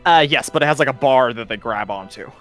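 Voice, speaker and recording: A man's voice: medium pitch, fast, fairly bright tone. A man running a tabletop game over voice chat, narrating in a loose, rambling way with plenty of ums and "such like that." He is casual and conversational, with faint music underneath. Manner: casual and meandering, full of fillers and "such like that". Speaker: game master.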